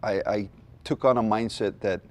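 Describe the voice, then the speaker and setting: A man's voice: fairly low pitch, steady tone, normal speed. A man, a comedian guest sharing an earnest testimony with dry, self-deprecating jokes. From Hawaii. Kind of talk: candid testimony in a chat.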